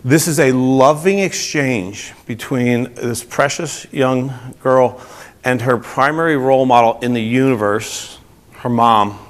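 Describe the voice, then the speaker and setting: This energetic motivational talk comes from a man with a New Jersey accent and an unhurried, mid-range voice. He addresses a group and frequently questions the audience.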